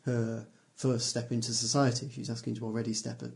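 Man, game master, gravelly fry, hesitant, narrating a tabletop game. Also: medium pitch, level tone, fairly quick, darkish tone. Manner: hesitant, explains rules with many fillers.

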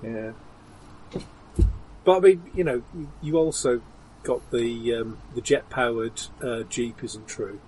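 A man's voice: medium pitch, takes it slowly, darkish tone, poor audio. This man chats casually at a tabletop game table. He rambles and restarts his sentences often. A faint hiss sits under his voice. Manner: rambling, hesitant, lots of fillers and restarts. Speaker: player.

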